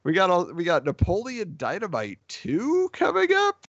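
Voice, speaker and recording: A man co-hosts a podcast in a loose, chatty way, often circling back and restarting his sentences. His voice sits a little high for a man, and the recording is dry and slightly muffled. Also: huge pitch swings, normal speed, creaky, a bit bright, no room sound. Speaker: podcast co-host. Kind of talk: casual podcast chat.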